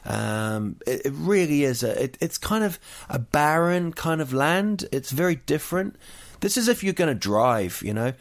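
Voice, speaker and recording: A man's voice: fairly high pitch, big pitch swings, moderate pace, hardly any pauses. A man from New Zealand with a New Zealand accent, chatting casually and telling rambling, jokey stories full of fillers and restarts. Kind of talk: casual chat.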